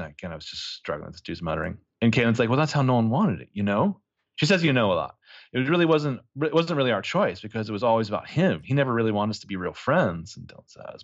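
A man chatting casually on a podcast, retelling a TV episode scene by scene. He keeps jumping into the characters' lines with animated put-on voices. His voice sits on the low side and the recording sounds a little dull. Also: fast talker. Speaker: podcast co-host recapping a TV episode.

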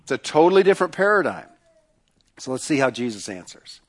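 A male pastor preaching a sermon, emphatic, repeating phrases and slowing down to stress points. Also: medium pitch, very animated.

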